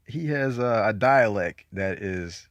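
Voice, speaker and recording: This Georgia man with a Southern drawl speaks slowly but with animation, his voice on the low side. He chats loosely about his movie collection, relaxed and a little foul-mouthed, in a dry recording.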